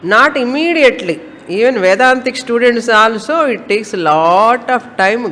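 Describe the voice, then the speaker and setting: A woman's voice: fairly high pitch, expressive, moderate pace, a bit bright, big-room sound. A woman teaching a Vedanta class, repeating herself and firing off rhetorical questions to her students. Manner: repetitive, fires off rhetorical questions. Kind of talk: spiritual lecture to students.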